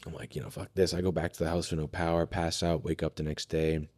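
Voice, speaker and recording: A man with a very low, deep voice recounts a hard stretch of his life in loose, candid conversation. He swears freely, restarts his sentences often and speaks in a casual, unpolished way. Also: flat delivery, fast, darkish tone. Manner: candid, profane, tells his story with many fillers and restarts. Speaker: podcast guest.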